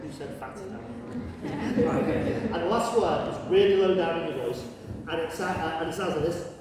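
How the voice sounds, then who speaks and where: A man leading a playful lesson for children, drawing out tones in an animated teacherly way. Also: fairly high pitch, normal speed. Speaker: workshop leader teaching Cantonese greetings. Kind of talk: lively lesson for children and families. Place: large gallery hall with crowd. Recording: echoey hall, recorded from far off. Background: crowd of listeners.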